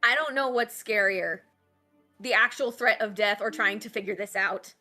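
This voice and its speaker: Hesitant bright-voiced woman player. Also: mid-range voice, moderate pace, soft background music. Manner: hesitant, trailing off with fillers. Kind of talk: tabletop role-play, in and out of character.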